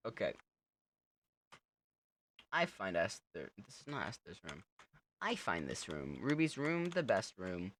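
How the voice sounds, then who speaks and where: A young man narrating his horror game run in an easygoing, teasing way, often laughing at the monster. He speaks slowly, with a lively voice that jumps up and down in pitch. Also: dry recording. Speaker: gamer playing a horror game. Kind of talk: casual let's-play commentary.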